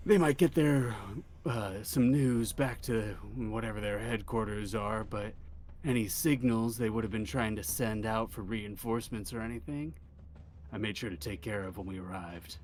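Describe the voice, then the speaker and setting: A man's voice: moderate pace, a little mellow, a little hiss or hum, lightly acted. A man voicing a laid-back rocker with a guitar in a tabletop game. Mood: calm. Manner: low, laid-back drawl.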